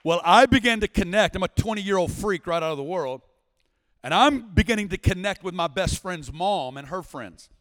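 A guest preacher from Arkansas, a man in his forties, speaks in a high voice at normal speed as he shares his testimony. The delivery is lively and narrative with periodic shouting, echoing with long reverb through the big church sanctuary.

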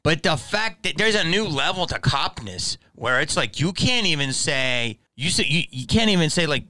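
Animated, bright-voiced man ranting. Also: on the high side, moderate pace, dry recording. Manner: profane, heated and sarcastic. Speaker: podcast host. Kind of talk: casual rant commentary.

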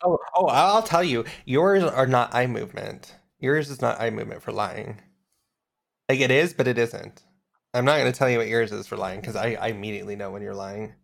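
A man's voice: mid-range voice, a little fast, vocal fry. A man co-hosting a podcast in casual chat, blunt and profane, laughing often. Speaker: podcast co-host.

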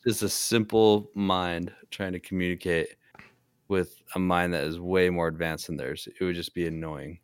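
A man's voice: low voice, fairly even intonation, moderate pace, clear, resonant tone, no room sound, clean studio sound. A young man co-hosting a comedy podcast, joking profanely and acting out bits. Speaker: podcast co-host. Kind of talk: casual comedic chat.

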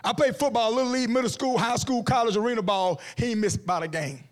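A man, preaching an energetic, comic sermon as guest speaker at a church event. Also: very high voice, fast talker. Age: 40s. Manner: animated, comic, acts out quotes in different voices. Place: church event hall before an audience.

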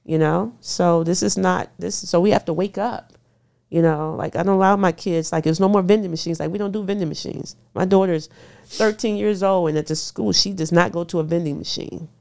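A middle-aged woman appears as a nutrition expert guest in a casual interview chat, speaking quickly with a lowish, fairly even, creaky and slightly mellow voice. She stresses her points and repeats them for emphasis.

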